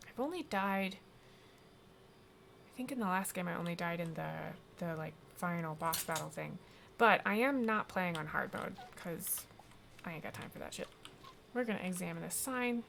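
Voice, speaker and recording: A woman streaming a video game, rambling casually and pausing on frequent ums. Her voice is gravelly and on the low side, with a faint hiss in the background. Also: a bit bright. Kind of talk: casual gameplay commentary.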